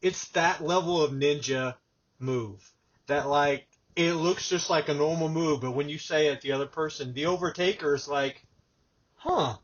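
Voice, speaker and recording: Host type: husky male voice, higher pitched, animated storyteller, dull lo-fi audio. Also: moderate pace. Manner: animated storyteller, acts out quotes. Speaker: podcast host. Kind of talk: casual conversation.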